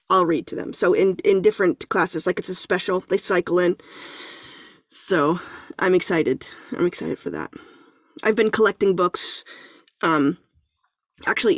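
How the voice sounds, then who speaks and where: A woman's voice: on the low side, unhurried, long pauses, no echo. Chatty woman in her thirties, dry sound. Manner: chatty, self-deprecating, many restarts. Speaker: podcast guest. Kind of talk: casual chat.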